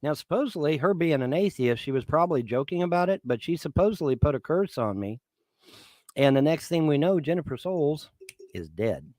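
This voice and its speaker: A man's voice: a little high, expressive, brisk, a little mellow, no room sound. A man in his fifties on a livestream, swearing and making threats in a repetitive rant. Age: 50s.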